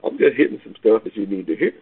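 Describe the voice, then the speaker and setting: A man a sermon, repeating his points in call-and-response style and rising to near-shouts on key lines. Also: on the low side, very animated, fast, breathy edge. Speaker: preacher. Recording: tinny phone-like radio broadcast.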